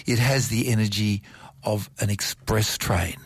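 A middle-aged man talking science on radio, animated and piling up vivid examples. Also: on the low side, unhurried, breathy edge, no echo. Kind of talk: enthusiastic radio science chat. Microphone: studio microphone.

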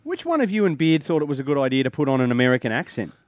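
A man's voice: medium pitch, big pitch swings, rapid-fire, a little mellow, no echo. A man co-hosts a podcast in joking, casual banter, with a wry, teasing delivery and frequent laughs. The recording is dry and close, with no room sound behind him. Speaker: podcast co-host.

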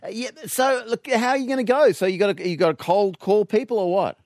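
A man's voice: high-pitched, a little fast, a little mellow, no echo, studio quality. A man hosting a casual comic chat, asking playful, teasing questions. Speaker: host.

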